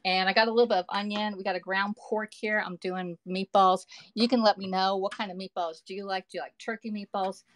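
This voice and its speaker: A woman's voice: medium pitch, fairly even intonation, a little fast, a bit bright. A woman, hosting a live cooking stream from her home kitchen, chatting with viewers and reading their comments aloud. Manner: chatty, reads viewer comments aloud, talks to the audience with "y'all" and "okay".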